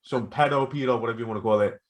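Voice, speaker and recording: A man co-hosting a casual podcast, retelling stories with lively acted-out quotes. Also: medium pitch, racing. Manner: animated storytelling, acts out quotes. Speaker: podcast co-host. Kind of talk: casual chat.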